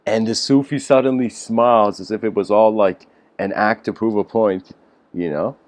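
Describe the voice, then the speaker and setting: A man's voice: on the low side, fairly even intonation, moderate pace, a little mellow, no echo. A man giving a casual storytelling lecture, rambling with lots of fillers and self-corrections.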